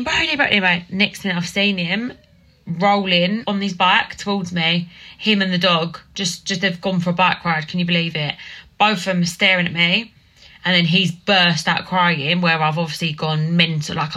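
Young female podcast host, Essex accent, slightly low and bright voice, casual gossipy storytelling. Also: low-quality recording. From Essex, England. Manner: chatty, dramatic storytelling with many fillers. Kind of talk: casual solo podcast chat.

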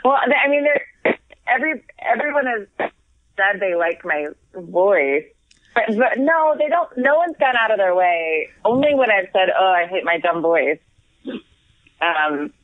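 A woman's voice: mid-range voice, animated, no echo. A woman talking on a tinny, dry phone line. She rambles and laughs easily, poking fun at herself as she chats. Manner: rambling, self-deprecating, quick laughs. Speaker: guest comedian. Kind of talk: casual chat.

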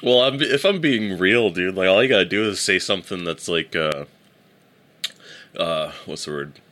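Deep, bright-toned laid-back podcast co-host. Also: male voice, normal speed. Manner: laid-back, hyping up his friend, laughs often. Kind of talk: casual chat.

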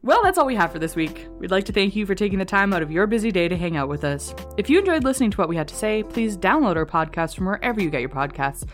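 A woman's voice: mid-range voice, sing-song, quick pace, few pauses, faint music behind. A woman co-hosting a casual podcast, telling history and teasing her co-host in a dry way. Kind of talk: casual chat with read-out history.

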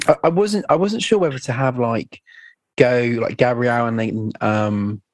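A man co-hosts a relaxed football podcast and reads out listener questions. He talks hesitantly with fillers, his voice at a middle pitch and recorded dry with no room sound. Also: measured pace, no echo. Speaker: podcast co-host. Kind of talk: casual football chat.

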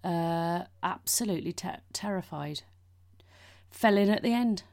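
A woman's voice: lowish voice, measured pace, gravelly, a little mellow. A woman in her forties, hosting a podcast and telling rambling, sweary anecdotes with lots of asides. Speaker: podcast host. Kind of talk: casual chat.

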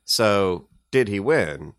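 A man's voice: fairly low pitch, animated, takes it slowly, no room sound, studio quality. A man from Tennessee hosting a podcast, rambling through jokey, profane stories in casual banter. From Tennessee, USA. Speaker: podcast host.

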